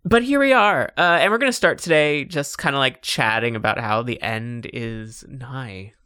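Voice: mid-range voice, moderate pace, clean tone, dry recording, studio quality. A let's play host chatting casually and wryly while playing, laughing often. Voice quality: bright, wry, laughs often. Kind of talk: casual gameplay chat.

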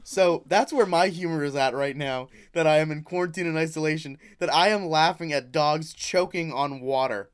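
A man's voice: a little high, normal speed, hardly any pauses, clear, resonant tone. A young man co-hosting a casual comedy podcast, rambling through crude jokes. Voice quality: crude, rambling jokey delivery. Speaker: podcast co-host.

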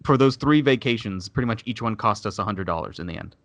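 A man casually telling a long story on a podcast, animated and swearing, acting out the people he quotes. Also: lowish voice, quick pace, dry recording.

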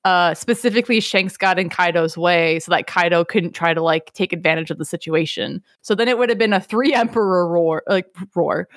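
A woman recapping an anime in casual podcast chat, rambling and animated with lots of fillers. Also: lowish voice, brisk, hardly any pauses, no echo, studio quality. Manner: rambling, animated, many fillers, laughs easily.

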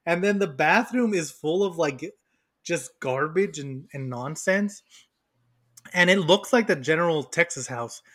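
A man with a somewhat raised voice chats casually as a podcast co-host. He retells movie scenes with animated energy and laughs easily. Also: a little high, measured pace. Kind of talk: casual chat.

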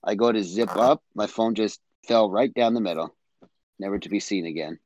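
A man guest on a casual podcast, telling an anecdote in a deadpan way. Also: fairly low pitch, normal speed, no echo. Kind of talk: casual storytelling.

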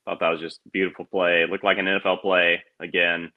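Deep-voiced man on a dull line. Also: little pitch movement, quick pace. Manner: thoughtful, hesitant with frequent restarts. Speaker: podcast guest. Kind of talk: casual sports chat. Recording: dull lo-fi audio.

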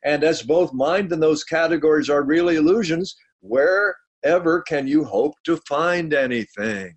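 A man in casual discussion, reading texts aloud in a measured way and sometimes laughing. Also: on the high side.

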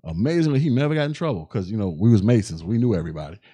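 A man's voice: on the low side, lively intonation, rapid-fire, dark tone, breathy edge. A man hosting a podcast, telling a story in a loose, casual way with heavy slang, profanity and frequent restarts. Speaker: podcast host.

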